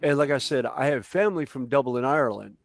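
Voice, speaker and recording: A man with a Southern American accent telling animated anecdotes in a casual group chat, running his words together. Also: mid-range voice, fast, gravelly. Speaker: panelist, Renaissance festival performer.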